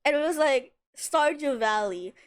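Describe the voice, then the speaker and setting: Excitable young woman streaming a game. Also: sits high, measured pace. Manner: chatty, excitable, swears casually, greets viewers. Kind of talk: casual livestream commentary.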